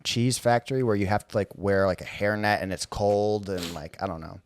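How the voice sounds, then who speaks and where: A man's voice: lowish voice, steady tone, a little fast, slight background noise. A man co-hosting a casual podcast chat, rambling and laid-back with lots of fillers. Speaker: podcast co-host.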